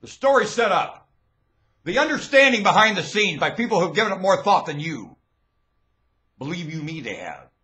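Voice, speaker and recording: A man delivering a rambling, preachy monologue rant into a webcam, swinging from low muttering to loud shouting. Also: big pitch swings, moderate pace, long pauses. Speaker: webcam vlogger.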